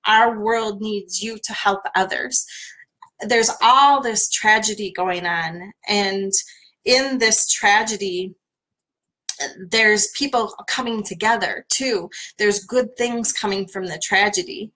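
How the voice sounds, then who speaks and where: Woman, tapping coach, live stream; soothing, unhurried guidance with mid-range pitch and casual fillers. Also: rough recording. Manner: gentle, soothing guiding voice with many fillers.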